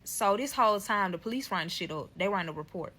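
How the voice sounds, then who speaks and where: A woman's voice: mid-range voice, lively intonation, quick pace, pushed and bright. A young woman telling a story time vlog, profane and emphatic, acting out quotes. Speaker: storyteller in a clip.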